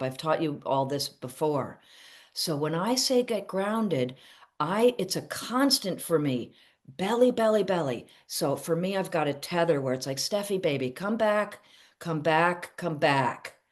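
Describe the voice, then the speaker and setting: A middle-aged woman therapist teaching casually to camera, animated, acting out little quoted exchanges and laughing at herself. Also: lowish voice.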